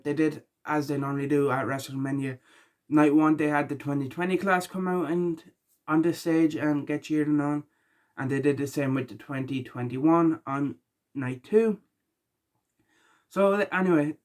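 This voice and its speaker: A tired man talking casually through his reactions, rambling with lots of ums and likes, and rising loud and high when he gets annoyed. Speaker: wrestling reaction vlogger. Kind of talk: casual spoken reaction vlog.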